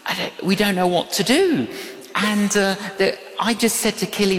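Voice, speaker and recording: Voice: medium pitch, normal speed, a bit bright. An older preacher giving a sermon, telling a story with emphatic repetition and quoted dialogue. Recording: echoey hall with long reverb.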